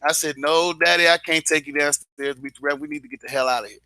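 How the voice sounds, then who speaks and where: A man from Dayton, Ohio, a stand-up comedian telling a joke story with animated delivery and acted-out voices. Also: on the high side, fast talker, no room sound.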